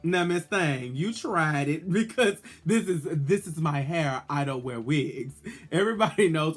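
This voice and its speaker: A man's voice: fairly high pitch, moderate pace, few pauses, soft background music. A man, a drag queen vlogger, chatting in a sassy, playful way as he reviews an episode. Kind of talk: casual video review.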